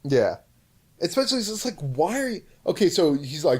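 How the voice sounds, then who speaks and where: A man's voice: fairly high pitch, very animated, moderate pace, darkish tone, slightly rough. A man co-hosting a podcast in casual comedic chat, retelling things animatedly and mimicking people he quotes. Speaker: podcast co-host.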